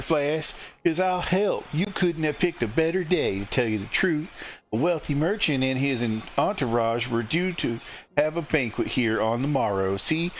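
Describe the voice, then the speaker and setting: A man's voice: a little high, dull audio, a little hiss or hum, pitched above the performer's own voice, lightly acted. A man voicing a cheery, generous woman innkeeper with a Southern drawl.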